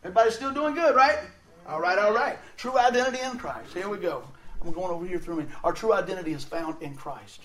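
A man giving a sermon, telling stories in an animated way and laughing often as he talks. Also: high voice, fast talker. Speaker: preacher. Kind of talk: storytelling sermon. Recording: roomy sound, mic at a distance.

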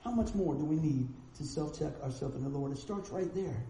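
A male preacher delivering a storytelling sermon, animated and acting out the people in his stories, in a church sanctuary. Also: fairly high pitch, fairly quick. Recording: roomy echoing sound with faint noise.

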